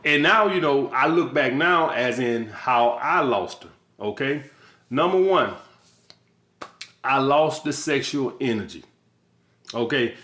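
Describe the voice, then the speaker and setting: A man's voice: medium pitch, a bit bright. A man acting as a dating coach, giving blunt, profane advice in a casual monologue and hammering points home through repetition. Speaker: dating coach and channel host. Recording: echoey room.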